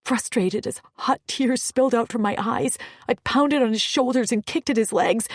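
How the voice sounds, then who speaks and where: A woman's voice: on the high side, normal speed, hardly any pauses, dry recording, studio quality. A woman narrating a first-person romance audiobook with an emotional, often whispered delivery.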